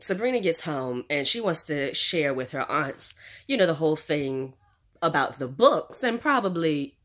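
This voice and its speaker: A woman hosts her own recap vlog. She talks in a low, relaxed register and rambles casually, full of fillers and side comments. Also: normal speed. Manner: chatty, rambling with fillers and asides. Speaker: channel host reviewing a series.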